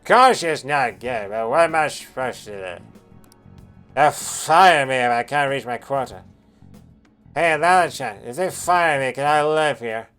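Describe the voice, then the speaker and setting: A man's voice: medium pitch, expressive, unhurried, a bit bright, smooth, soft background music. A man voicing a drunk, brash female reporter, reading game dialogue aloud in a slurred put-on drunk voice. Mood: grumbling drunk.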